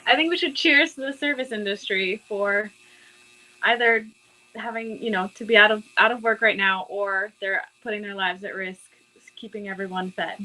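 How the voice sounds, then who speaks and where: A woman guest on a livestream, speaking in a thoughtful, soft-spoken way. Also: mid-range voice, steady tone, normal speed, low-quality recording. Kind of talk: casual livestream chat.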